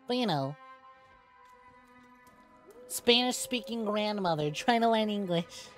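A young woman streaming a game, chatting casually with viewers, excitable and quick to swear. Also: mid-range voice, soft background music. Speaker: VTuber streamer. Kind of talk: casual gameplay stream chat.

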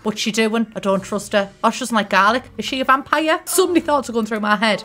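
A young woman with a Teesside accent giving casual, excitable, sweary let's-play commentary and chatting to the characters on screen. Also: on the high side, fast talker, hardly any pauses. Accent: Teesside English. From Middlesbrough, England. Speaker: gaming YouTuber. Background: faint game music.

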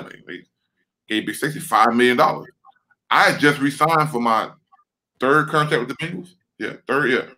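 A man's voice: mid-range voice, normal speed, low-quality recording. A man, a former football lineman, telling a story with lots of swearing and repeated words over a video call. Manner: animated, profane, repeats words.

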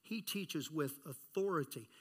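A man preaching a sermon as pastor, animated, acting out voices and asking the congregation questions. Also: on the high side, measured pace, husky.

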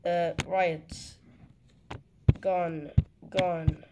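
A man's voice: fairly high pitch, little pitch movement, extremely slow. A man from Turkey casually narrating a map animation with a joking, rambling manner, often correcting himself. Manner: rambling, jokey, self-correcting. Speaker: mapping video narrator. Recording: noisy home recording with clicks.

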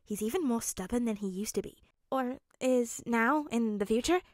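A woman's voice: fairly high pitch, moderate pace, a little mellow, dry recording, studio quality, lightly acted. A woman voicing a wry teenage girl making a murmured aside, in a fanfic audiobook reading.

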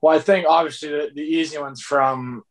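A man's voice: on the high side, fairly even intonation, moderate pace. A young man in his twenties, a guest hockey player, chatting casually and laughing as he tells stories. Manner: laid-back, laughs while telling stories. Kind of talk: casual interview chat.

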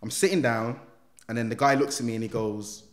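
Picture a young man sitting down for a casual interview and telling his own story. His voice sits at a middle pitch, and the talk is thick with street slang. He acts out what other people said as he goes. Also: a little fast. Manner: animated storytelling with slang, acting out quotes. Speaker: guest, former gang member turned motivational speaker.

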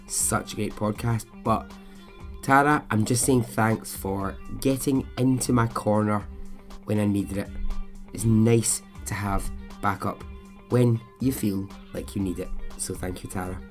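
A man's voice: on the low side, a little mellow. A middle-aged man hosting a podcast, talking in a candid, chatty, self-questioning way. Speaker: podcast host. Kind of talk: casual podcast monologue.

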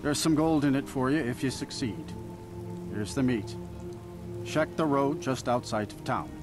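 An actor playing a gruff, businesslike male village blacksmith in a video game, with game music behind. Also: mid-range voice, unhurried, natural voice.

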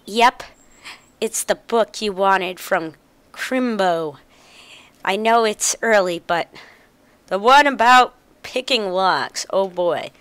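A woman reading out the lines of a warm mother saying goodbye to her child in a video game. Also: medium pitch, takes it slowly, long pauses, smooth, no echo. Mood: fond. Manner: read aloud from game dialogue.

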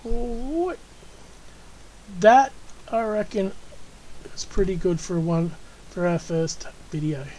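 An Australian woman hosts her own gaming channel, talking her way through play in a relaxed, chatty manner. She coos and coaxes at the animals she is taming. Her voice is warm and mellow, with a faint hum of noise underneath. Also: lowish voice, a little slow, pauses often, low-quality recording. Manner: chatty, coaxing and cooing at in-game animals. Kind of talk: casual gameplay commentary.

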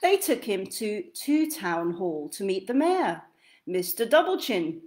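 A woman reading a children's picture book aloud in an expressive, sing-song storytelling manner. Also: mid-range voice, measured pace.

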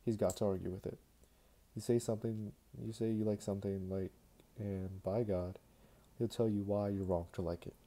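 A man's voice: fairly low pitch, steady tone, moderate pace, warm tone. A man reading a novel aloud, voicing a blunt, boisterous drunk middle-aged man who swears freely.

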